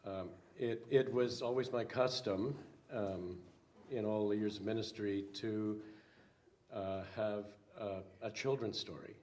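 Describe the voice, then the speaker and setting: An older man, a minister, reading a children's story aloud slowly with some hesitant fillers. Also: lowish voice, fairly even intonation, darkish tone, slight background noise.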